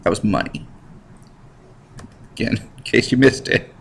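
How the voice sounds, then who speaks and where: A man teaching history in a casual, slangy lecture over slides, cracking jokes and putting on quick voices for the people he describes. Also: fairly low pitch, vocal fry, breathy edge, poor audio. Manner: slangy, jokey, animated with put-on voices. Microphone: computer mic while drawing with a mouse.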